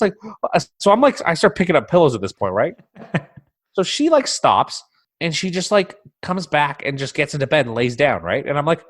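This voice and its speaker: A man's voice: medium pitch, very animated, moderate pace, a bit bright. A man co-hosting a casual podcast from a remote computer mic, telling stories with lots of swearing and acting out his own alarm. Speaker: podcast co-host. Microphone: computer mic, remote call.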